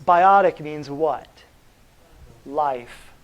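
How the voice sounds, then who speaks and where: A man teaching a natural health class, lecturing in an animated, preachy way and firing rhetorical questions at his students. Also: a little high, very slow, dull audio.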